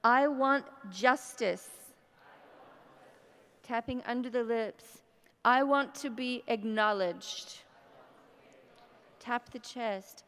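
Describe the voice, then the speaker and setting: A woman leading a guided tapping session, speaking slow scripted affirmations between deep sighs and breaths. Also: a bit bright, clean tone. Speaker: EFT tapping practitioner. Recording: long reverb in a hall.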